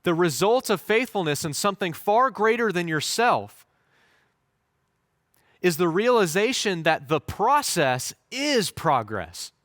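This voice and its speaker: Brief: male pastor, story-driven sermon, slightly high voice, dry sound. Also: very animated, unhurried, a bit bright, dry recording. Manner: storytelling, shifts into voiced quotes.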